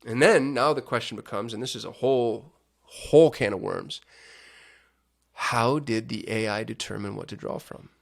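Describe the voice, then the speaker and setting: A man's voice: medium pitch, moderate pace, gravelly. A man hosting a casual screen-share walkthrough on digital marketing, thinking aloud with chatty asides.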